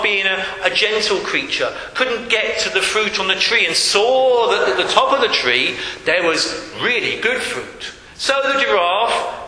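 A man's voice: sits high, sharp tone. A man preaching a sermon in a church hall, earnest and repeating key phrases for emphasis. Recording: echoey hall with long reverb.

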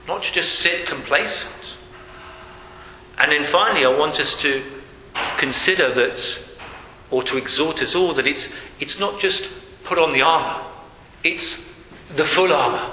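A man's voice: sits high, pushed and bright, slight background noise. A man preaching a sermon in a church hall, earnest and repeating key phrases for emphasis. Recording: echoey hall with long reverb.

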